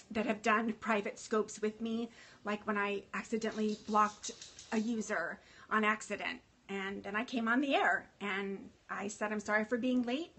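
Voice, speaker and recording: A woman's voice: medium pitch, fairly bright tone, breathy edge. A woman chatting casually on a livestream as a fashion consultant, emotional and full of fillers, greeting viewers by name.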